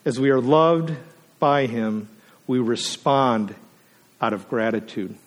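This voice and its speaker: A man preaching a sermon as a guest speaker, earnest and emotional, at times choked up, his voice rising to emphatic peaks and sinking to a near hush. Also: medium pitch, takes it slowly. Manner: earnest, emotional, swells up then drops to a hush.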